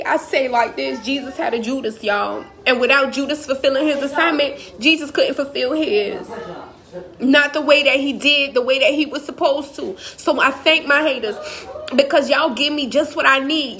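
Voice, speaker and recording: A woman's voice: high voice, sharp tone, slight background noise. A woman motivational speaker on a live stream, talking emphatically and repetitively in a preacherly way.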